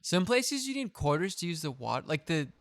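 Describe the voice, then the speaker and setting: A man's voice: a little high, sing-song, moderate pace, a bit bright, dry recording, clean studio sound. A man streaming, chatting casually as he reacts to a video, rambling and swearing as he thinks aloud. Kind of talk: casual chat.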